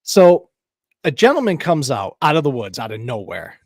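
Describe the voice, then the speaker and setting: A man co-hosting a podcast, telling a story in casual chat, profane and animated, laughing often. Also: medium pitch, moderate pace, no room sound, studio quality. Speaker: podcast co-host. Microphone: podcast mic on a live stream.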